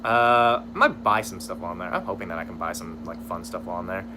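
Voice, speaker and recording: A man's voice: low voice, fairly quick, background noise. A young man streaming, casually chatting with viewers, reading their messages aloud and swearing freely as he laughs at his own slip-ups.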